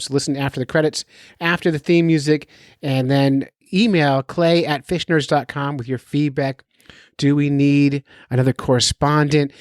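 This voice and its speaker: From his basement at home, a fishing guide runs his own podcast, rambling through a casual monologue full of cheerful jokes at his own expense. The recording is dry and studio-quality, and his voice is medium in pitch.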